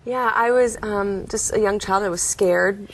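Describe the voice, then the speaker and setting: A woman, likely in her thirties, telling her faith story as an interview guest, earnest and often laughing softly. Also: medium pitch, a little slow. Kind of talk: testimony in a studio interview.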